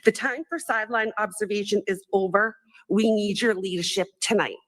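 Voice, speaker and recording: A woman delivers an urgent appeal to a town meeting. Her delivery is rallying and formal, at a middle pitch. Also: steady tone, moderate pace, rough recording. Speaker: public speaker at town meeting.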